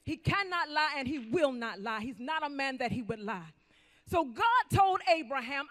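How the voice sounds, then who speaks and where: A male pastor preaching emphatically, swinging between loud calls and quiet asides. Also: extremely high pitch, lively intonation, moderate pace. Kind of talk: sermon.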